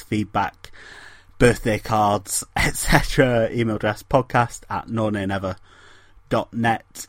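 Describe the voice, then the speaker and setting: A man's voice: fairly low pitch, no echo. A man hosting a football podcast, closing the show with wry jokes and laughter. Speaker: podcast host. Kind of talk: casual chat.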